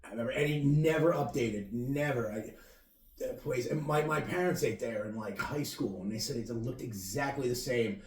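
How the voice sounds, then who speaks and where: A man's voice: medium pitch, moderate pace. Man, podcast co-host, crude joking banter, echoey room, distant mic. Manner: crude, joking, nostalgic storytelling. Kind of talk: casual chat.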